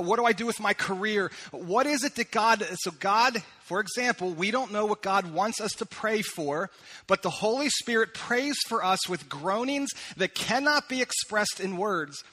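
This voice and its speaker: A male pastor preaching from the front of a church sanctuary. His voice sits high and sounds bright and forward. He talks to the congregation in a relaxed, conversational way and slows down deliberately when he reads scripture. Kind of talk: sermon.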